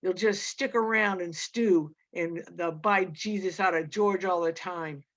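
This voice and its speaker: A woman voicing a sharp-tongued, scolding older aunt in a storybook reading. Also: fairly low pitch, unhurried. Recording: dull lo-fi recording.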